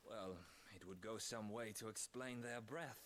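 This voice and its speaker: A man's voice: on the low side, unhurried, crowd noise, close to an everyday voice. A man voicing a formal, deferential soldier captain in a video game. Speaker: game character.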